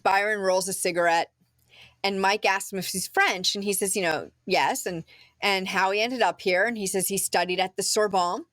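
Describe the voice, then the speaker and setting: A chatty woman hosts a podcast and walks through a film's plot in easy, rambling chat, with plenty of "um" and "like" along the way. Her voice is mid-pitched and sounds close and dry on the mic. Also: fairly even intonation, moderate pace, a bit bright, no echo. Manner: chatty storyteller with frequent "um" and "like". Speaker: podcast host. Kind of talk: casual chat recapping a film.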